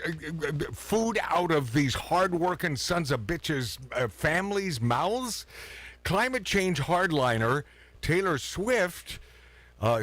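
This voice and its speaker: A man's voice: a little high, fairly bright tone. Sarcastic man hosting talk radio. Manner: sarcastic, laughs at his own jokes. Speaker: radio show host. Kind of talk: casual banter on talk radio.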